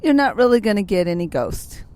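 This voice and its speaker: Woman co-host, mid pitch, dry and wry, talking while driving. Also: big pitch swings, brisk, a little mellow. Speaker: podcast co-host. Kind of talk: casual chat. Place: in a car on a road trip. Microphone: sharing one mic with co-host.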